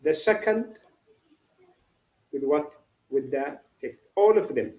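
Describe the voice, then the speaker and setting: Slow, male teacher in echoey classroom. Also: fairly high pitch, lively intonation, lo-fi sound. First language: Arabic. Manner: repetitive, quizzes students with "what?". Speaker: English literature teacher. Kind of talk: classroom lecture.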